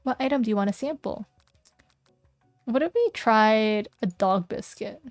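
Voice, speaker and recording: A woman's voice: a little high, expressive, a little slow, no room sound, faint music behind. A young woman streaming, reading a game aloud, playful and joking with chat on a close mic. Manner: playful and giggly, jokes with chat. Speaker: vtuber streamer.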